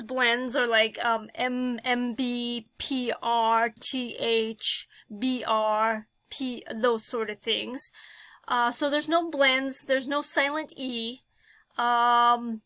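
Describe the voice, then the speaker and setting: A woman's voice: on the high side, a bit bright, no room sound. A woman teaching a phonics lesson, talking patiently and thinking aloud with many fillers.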